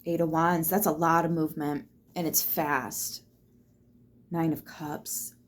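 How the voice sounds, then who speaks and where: A tarot reader with a low, flat voice speaks slowly over a little hiss or hum. She gives a casual reading, loose and chatty with lots of fillers, swearing freely while reassuring the viewer and talking straight to them.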